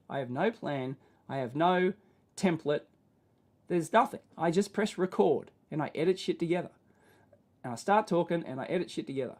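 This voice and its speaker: A man with an Australian accent and a nasal, whiny voice, hosting a casual livestream chat, rambling and self-deprecating, often tagging sentences with "right?" and clearing his throat. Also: high-pitched, darkish tone. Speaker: livestream host.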